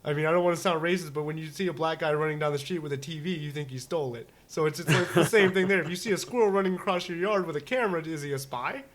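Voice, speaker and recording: A man with a slightly high voice rambles through a casual talk show. He jokes and speculates, often restarting his sentences and leaning on fillers. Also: fast, few pauses. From United States. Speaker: podcast co-host. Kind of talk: casual chat.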